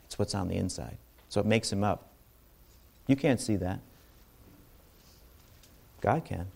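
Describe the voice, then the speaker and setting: A man's voice: fairly low pitch, a little slow, vocal fry, a little mellow, breathy edge. A man giving an informal sermon to a congregation, talking conversationally with asides and restarts. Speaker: bible teacher.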